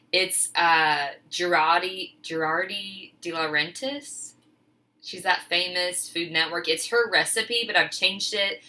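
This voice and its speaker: A woman cooking in her home kitchen and talking the viewer through it in a casual, chatty way. Her voice is sharp and bright and sits a little low. She sounds a bit flustered and laughs at herself as she goes. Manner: chatty, self-deprecating, flustered. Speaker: teacher filming a cooking video.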